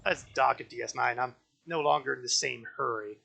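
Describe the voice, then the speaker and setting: A man's voice: mid-range voice, fairly even intonation, a little fast, creaky, bright, forceful tone, husky, rough recording. A man casually commenting while playing a game on a live stream, chatty and self-mocking as he thinks aloud.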